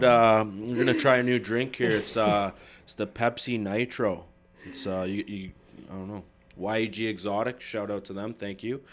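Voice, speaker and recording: A man's voice: lowish voice, moderate pace, over a noisy crowd. A man guesting on a podcast, telling stoner stories with lots of swearing in casual chat. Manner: animated, swearing stoner storytelling. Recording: noisy background.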